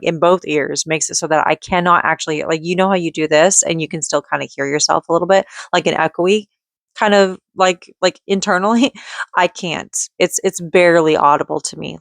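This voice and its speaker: A woman's voice: low-pitched, no echo. A woman venting in a casual vlog, rambling and frustrated, with lots of fillers and bursts of speech. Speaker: vlogger; mother and call center worker.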